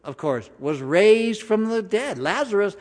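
A man preaching a sermon in a conversational style, slowing down for emphasis and acting out voices. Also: high-pitched, lively intonation. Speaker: pastor. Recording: long hall reverb.

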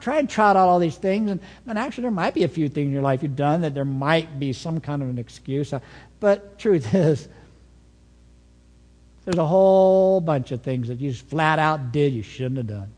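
A man preaching a sermon as pastor, telling stories with an animated delivery that swings between soft asides and emphatic points. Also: a little high, normal speed, big-room sound.

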